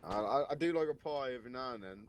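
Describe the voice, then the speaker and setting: A man's voice: mid-range voice, animated, racing, slight background noise. A man in casual gaming chat, repeating "do you know what I mean" as he explains.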